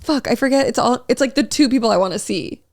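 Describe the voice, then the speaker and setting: A woman in her twenties co-hosting a podcast, ranting with animated exasperation and casual swearing. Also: a little high, quick pace, vocal fry, dry recording, clean studio sound. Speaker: podcast co-host. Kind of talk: casual chat.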